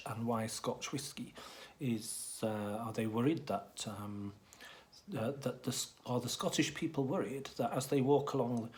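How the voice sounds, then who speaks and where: A man giving a deadpan comic monologue as a mock professor, hesitant and rambling with many ums and restarts. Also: medium pitch. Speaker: comic presenter playing a professor.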